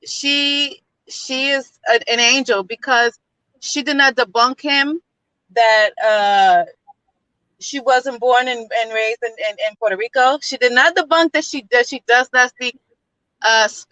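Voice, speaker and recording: A blunt, outspoken woman calls in to a live stream while driving. Her voice sits high and sounds bright and sharp, and the phone line is dry, with no room sound. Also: a little slow, dry recording. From New York, Bronx. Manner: outspoken, blunt, repeats herself. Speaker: guest. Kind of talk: casual live-stream chat. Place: in a car, driving.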